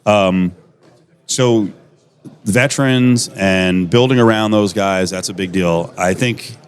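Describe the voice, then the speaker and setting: A man's voice: low voice, slow pace. A man hosting a sports talk radio show, asking rambling, chatty questions full of fillers.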